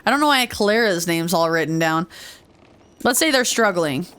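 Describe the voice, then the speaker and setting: A woman's voice: lowish voice, lively intonation, moderate pace, fairly bright tone, a little hiss or hum. Brief: casual woman let's-player, chatty and easily distracted. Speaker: let's play host. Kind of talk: casual gameplay commentary.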